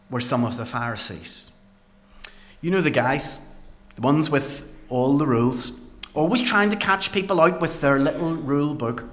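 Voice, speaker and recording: A man's voice: medium pitch, a bit bright. A man telling the story as an awed paralysed man. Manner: slow, earnest storytelling with dramatic pauses. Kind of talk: dramatic first-person Bible monologue.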